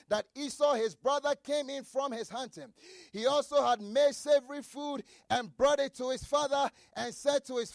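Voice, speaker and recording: A man preaching a sermon, reading scripture and repeating key phrases with shouted emphasis. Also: very high-pitched, gravelly, no echo, clean studio sound.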